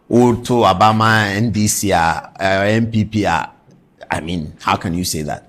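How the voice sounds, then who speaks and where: A man's voice: lowish voice, unhurried, a bit bright. A man with a Ghanaian accent giving passionate commentary as a lawyer, lecturing through strings of rhetorical questions. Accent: Ghanaian English.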